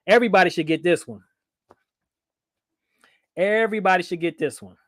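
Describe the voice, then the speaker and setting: A man's voice: high-pitched, moderate pace, a bit bright, no room sound, studio quality. Playful man hosting a livestream. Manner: playful, reads viewer comments aloud, laughs often. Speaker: livestream host. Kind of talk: casual livestream chat.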